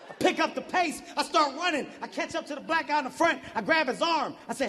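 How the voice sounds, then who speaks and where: A man performing a stand-up comedy set on a big stage, telling stories in an animated, profane way and bursting into shouts. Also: extremely high pitch, quick pace, hardly any pauses, a crowd in the background. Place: large live venue on stage. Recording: reverberant hall with constant background noise.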